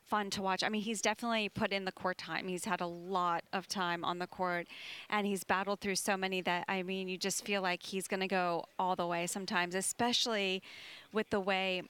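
A woman pundit with a smooth, resonant voice offers her views on the matches. She speaks with flowing enthusiasm. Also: mid-range voice, fairly even intonation, brisk, a bit bright. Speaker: tennis pundit. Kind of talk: studio analysis.

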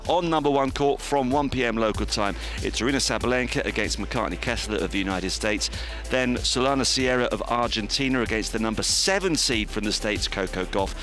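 A man hosts a live sports radio show, his voice a touch low. He banters and jokes with guests between previews, with faint music under him. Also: a bit bright. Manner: jokey, bantering. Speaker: radio host. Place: outdoor media centre roof.

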